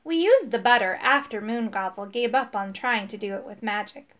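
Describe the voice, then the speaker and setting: A woman reading a children's storybook aloud, expressive and animated. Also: fairly high pitch, normal speed. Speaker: audiobook reader.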